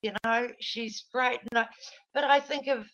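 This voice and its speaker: A woman's voice: fairly high pitch, fairly even intonation, normal speed, fairly bright tone, lo-fi sound. A middle-aged woman, chatting in a rambling, digressive way with frequent laughs. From New Zealand. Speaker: guest, former radio presenter. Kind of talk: casual chat.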